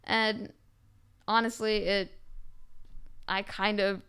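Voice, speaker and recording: Smooth-voiced teenage girl ranting. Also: mid-range voice, slow pace. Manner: animated, heavy use of "like" fillers. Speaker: podcast host. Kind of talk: casual rant to viewers.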